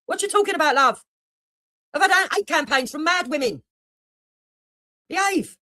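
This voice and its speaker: A woman's voice: high voice, lively intonation, moderate pace, sharp tone, no room sound. A woman doing heated reaction commentary on a livestream, blunt and mocking, with heavy swearing. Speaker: livestreamer reacting to another streamer.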